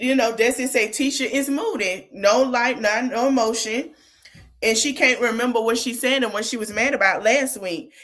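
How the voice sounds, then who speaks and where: Woman host, casual reality-show recap, animated delivery, slightly high voice. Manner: animated, retells quotes, talks back to the people on screen.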